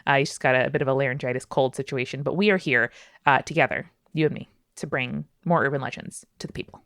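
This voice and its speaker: A woman co-hosting a podcast in casual chat, animated and playfully dramatic. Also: rumbling low, quick pace, no echo, clean studio sound. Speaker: podcast co-host.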